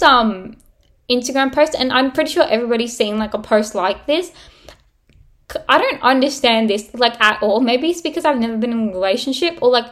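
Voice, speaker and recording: A young woman hosting her own podcast, ranting bluntly in a casual, sweary way full of "like". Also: on the high side. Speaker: podcast host. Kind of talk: casual solo podcast rant.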